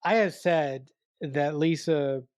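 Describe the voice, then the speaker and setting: A podcast co-host reacting to a film in casual chat, speaking haltingly with fillers and restarts. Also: medium pitch, darkish tone, dry recording, clean studio sound.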